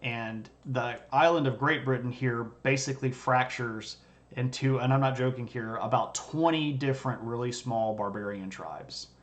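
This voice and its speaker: A man's voice: mid-range voice, normal speed. A man hosting a livestream, giving a casual, joking history lecture and bantering with viewers' chat. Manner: jokey and conversational, bantering with chat. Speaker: history streamer. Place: streaming setup.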